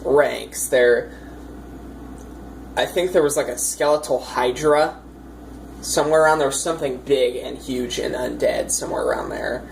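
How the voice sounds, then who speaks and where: Woman game master, low voice, chatty and rambling, faint hiss on the track. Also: steady tone, moderate pace, vocal fry, darkish tone, low-quality recording. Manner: chatty, rambling, many fillers, amused. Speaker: dungeon master. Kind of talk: casual storytelling of a tabletop campaign.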